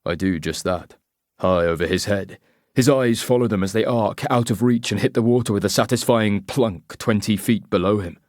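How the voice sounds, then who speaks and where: A man reading a first-person thriller audiobook in a measured, tense, clipped way. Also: on the low side, a little mellow, dry recording, studio quality. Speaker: audiobook narrator.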